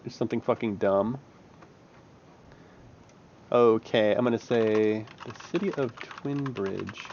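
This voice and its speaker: Slow and frequently pausing, the streamer's lowish, darkish voice narrates his map-building in casual, profane chatter full of fillers. Faint music and slight background noise sit behind the muffled sound.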